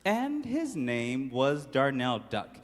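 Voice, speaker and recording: A man's voice: medium pitch, slow pace. Playful man telling a children's story. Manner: playful, animated, audience-interactive. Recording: long hall reverb.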